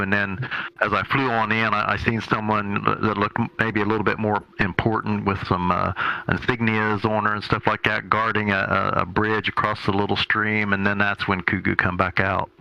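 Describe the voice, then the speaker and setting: A man's voice: on the low side, creaky, sharp tone, clean tone, muffled recording. A man playing in a tabletop game, describing his moves in a rambling, hesitant way. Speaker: player.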